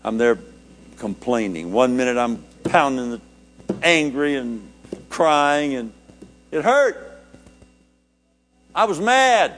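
An older man, a preacher, telling a personal story in a sermon, his voice climbing high with feeling and dropping low and quiet. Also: sing-song, takes it slowly, pauses often, soft background music.

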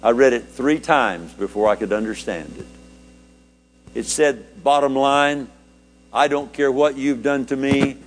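An older man, a preacher, telling a personal story in a sermon, his voice climbing high with feeling and dropping low and quiet. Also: unhurried, soft background music.

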